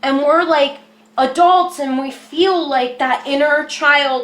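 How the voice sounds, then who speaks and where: A woman giving an earnest self-help lesson, often dropping to a soft, soothing voice. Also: high-pitched, takes it slowly, echoey room. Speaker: therapy skills presenter. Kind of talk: self-help teaching monologue.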